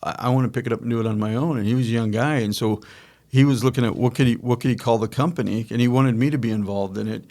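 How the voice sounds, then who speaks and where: Middle-aged male podcast host, rambling storyteller, even mid-range voice. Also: medium pitch, fast. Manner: rambling, self-correcting, acts out quoted dialogue. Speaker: podcast host, company founder. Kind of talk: casual storytelling chat.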